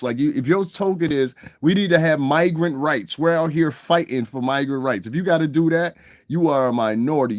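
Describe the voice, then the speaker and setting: An American commentary vlogger with a medium-pitched voice, recorded dry with clean studio sound. He rants casually and profanely at his viewers, chuckling between points and often asking "you understand what I'm saying."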